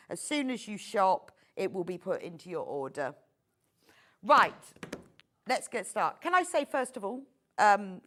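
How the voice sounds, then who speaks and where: A woman's voice: fairly high pitch, fairly bright tone. A middle-aged woman presenting a live home-shopping show, chatty and gushing with enthusiasm.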